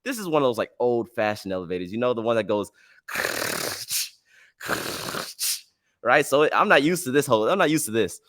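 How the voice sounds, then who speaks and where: Animated man telling a story. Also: medium pitch, very fast, hardly any pauses, no echo, clean studio sound. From United States. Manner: animated, casual slang, acts out dialogue. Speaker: podcast host. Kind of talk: storytelling podcast.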